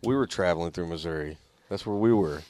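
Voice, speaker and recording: Lowish dude, swears a lot, laughing his way through road stories, dry close mic. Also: quick pace, darkish tone, dry recording. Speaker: band member guest. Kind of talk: casual storytelling chat.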